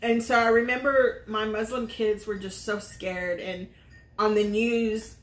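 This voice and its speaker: Middle-aged lady chatting earnestly, kinda high voice, echoey room. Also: steady tone, measured pace. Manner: earnest recounting with many fillers. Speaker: vlog host. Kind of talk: casual storytelling chat. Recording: roomy echo.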